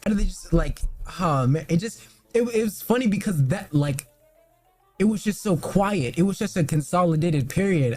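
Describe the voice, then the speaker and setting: A man's voice: a little high, big pitch swings, moderate pace, a little mellow, no echo, soft background music. A young man reviewing films in a loose, rambling casual chat, full of fillers and swearing. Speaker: movie reviewer.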